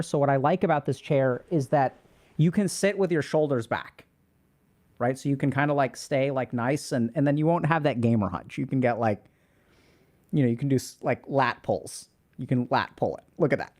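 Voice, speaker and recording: Male streamer, mid pitch, loose rambling delivery, chatting with viewers. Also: a little mellow. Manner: loose and rambling, talks to chat. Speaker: streamer answering chat questions. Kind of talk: casual livestream chat.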